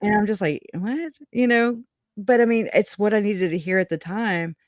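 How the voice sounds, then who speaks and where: A woman's voice: medium pitch, moderate pace, no room sound, clean studio sound. A woman who is a guest on a casual livestream chat over a video call, talking in a candid, folksy way and laughing often.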